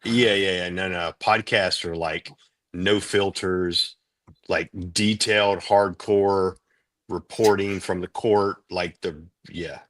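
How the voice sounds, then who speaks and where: Blunt low-voiced man chatting on a stream. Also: steady tone, slow pace, a bit bright, no echo. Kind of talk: casual banter on a livestream.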